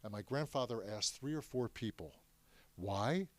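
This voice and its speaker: A man's voice: medium pitch, lively intonation, measured pace. A man telling his family's story to students in a classroom, speaking emphatically and asking them questions. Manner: emphatic, addresses the audience with questions. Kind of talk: classroom talk.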